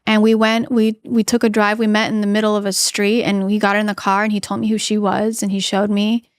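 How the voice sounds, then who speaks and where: A woman guest earnestly telling a personal story in a podcast interview, halting often with restarts and fillers. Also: mid-range voice, flat delivery, clear, resonant tone, dry recording, clean studio sound.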